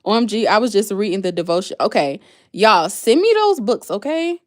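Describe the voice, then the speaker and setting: Woman, livestream host, casual chat, answers viewer comments, animated pitch. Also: normal speed. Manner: chatty, reads and answers comments aloud.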